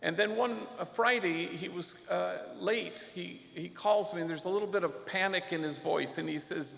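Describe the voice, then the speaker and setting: A man's voice: sits high, normal speed, creaky, fairly bright tone. A man, a priest speaking at a luncheon, telling an earnest story and sprinkling in Spanish phrases. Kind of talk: storytelling speech. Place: large banquet hall. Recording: echoey hall reverb.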